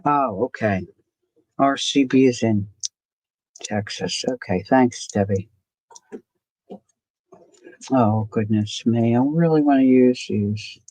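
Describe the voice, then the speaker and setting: A woman's voice: rumbling low, slow, pauses often, dark tone, dry recording. Chatty woman crafting on a livestream. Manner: chatty, talks to herself and greets viewers by name. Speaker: art journaling livestream host. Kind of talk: casual chat while crafting on a livestream.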